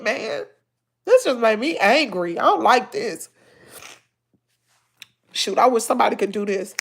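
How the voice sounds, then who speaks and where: A woman's voice: on the high side, very animated, measured pace, long pauses, a bit bright, breathy edge. A middle-aged woman with a Southern accent, crying and stuffed up, talking heartfelt to her viewers. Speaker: family vlogger. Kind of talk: emotional livestream talk to viewers.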